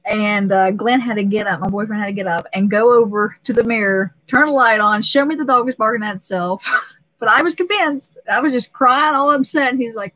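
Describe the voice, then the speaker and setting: A woman's voice: a little high, brisk, bright, forceful tone, dry recording, rough recording. A young pregnant woman hosting a casual live stream, talking emotionally and laughing often, with many restarts.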